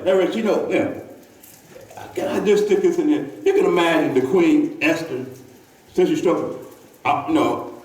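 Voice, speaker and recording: A man preaching a sermon in a church, talking with the congregation and often repeating himself. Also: fairly high pitch. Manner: conversational preaching, calls to the congregation, many repeats. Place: church sanctuary. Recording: echoey church from far off.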